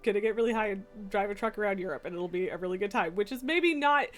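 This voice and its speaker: A woman live-streaming a game, cooing baby talk to her cat and chatting warmly with viewers. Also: mid-range voice, fast. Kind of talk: casual live-stream chat. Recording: faint music behind.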